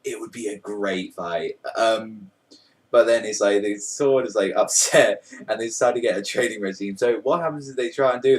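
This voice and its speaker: A young man with a medium-pitched voice, recorded from a distance, casually reviews a manga chapter. He rambles, sounds amused, and uses lots of fillers.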